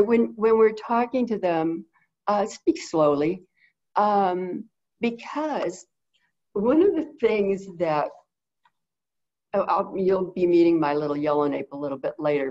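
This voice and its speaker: A middle-aged woman teaching in a webinar, talking quickly and rambling with many fillers in a low-set voice, over a video call mic. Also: a little mellow, lo-fi sound. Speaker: guest bird behavior consultant.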